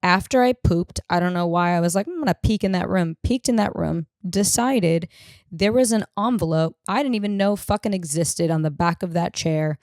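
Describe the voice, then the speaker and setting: A young woman hosting a podcast from a room in her home, telling stories in an animated, profane, self-deprecating way. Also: lowish voice, normal speed, no echo, studio quality. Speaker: podcast host. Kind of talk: casual storytelling chat.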